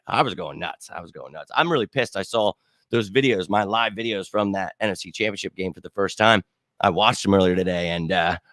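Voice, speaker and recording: A middle-aged man hosting a fan live stream, chatting casually with viewers in an excitable, slangy way and bursting into shouts now and then. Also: fairly low pitch, dry recording, clean studio sound. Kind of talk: casual live chat answering viewer comments.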